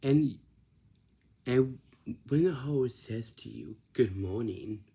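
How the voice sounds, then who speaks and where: A man's voice: medium pitch, takes it slowly, gravelly, mellow, breathy edge. A man giving casual advice in a monologue, repeating himself, restarting phrases and ending points with "right?". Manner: repetitive, instructive, many restarts and tag questions. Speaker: vlogger giving life advice.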